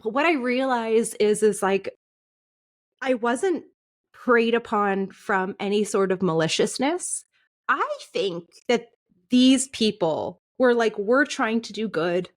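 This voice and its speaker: A woman's voice: on the high side, slow pace. A woman in her thirties, a podcast guest, candidly recounting a painful personal experience, often laughing through it and restarting her sentences.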